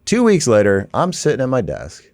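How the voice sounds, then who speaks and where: A man guest on a podcast, telling business stories in a casual, energetic, informal way with lots of fillers. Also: medium pitch, dry recording. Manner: energetic, informal, fast-flowing with many "like" fillers. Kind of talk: casual conversational storytelling.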